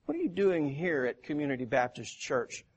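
A man's voice: fairly high pitch, animated, normal speed, slightly rough. A male pastor preaching a sermon in a church, repeating key phrases for emphasis. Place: church sanctuary.

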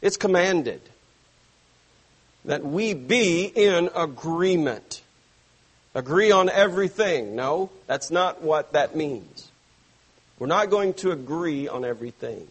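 A man preaching a sermon to his church, stressing phrases slowly and dropping suddenly soft. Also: fairly high pitch, expressive, slightly rough. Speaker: pastor.

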